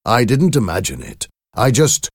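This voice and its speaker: A man playing an uneasy older father in a read-aloud tale, pitched a little above a deep narrating voice. He speaks gently and hesitantly, subdued and careful with each word. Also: huge pitch swings, moderate pace, slightly rough, no room sound, clean studio sound, exaggerated voice. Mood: insistent.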